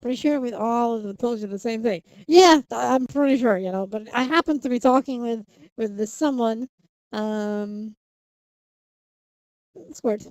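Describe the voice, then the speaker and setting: Young female streamer, casual and rambling with frequent giggles, slightly high and soft-toned voice. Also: a little slow, no room sound, muffled recording. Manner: rambling, self-interrupting, giggly. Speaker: livestreamer. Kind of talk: casual live stream chat.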